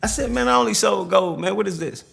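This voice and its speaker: A man's voice: sits high, fast, creaky, faint music behind. A man tells stories from his career in a loose, slangy way, acting out the dialogue. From St. Louis, USA. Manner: animated, slangy, acts out dialogue. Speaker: rapper interviewee. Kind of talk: storytelling interview.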